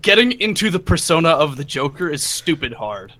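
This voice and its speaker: A man co-hosting a gaming podcast in casual chat, animated and excitable. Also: fairly high pitch, a little fast. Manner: animated, excitable, laughs often. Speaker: podcast co-host.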